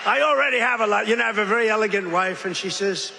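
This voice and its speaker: Older guy rambling thru a rally speech, kinda high voice, echoey big hall, faint crowd hum. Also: fast talker, vocal fry. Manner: digressive, boastful, mocking asides. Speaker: politician giving a speech. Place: large industrial hall.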